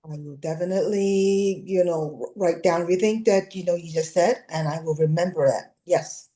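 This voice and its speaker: She asks her questions hesitantly, restarting and filling pauses as she goes. Her voice is slightly low and mellow. The room around her sounds echoey. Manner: hesitant, many fillers. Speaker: client. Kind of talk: casual conversation.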